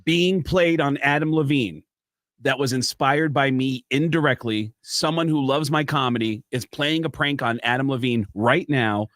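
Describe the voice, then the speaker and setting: A man telling a comic story as a guest, animated and restarting often, close to the mic. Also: mid-range voice, moderate pace, dry recording. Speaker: comedian guest.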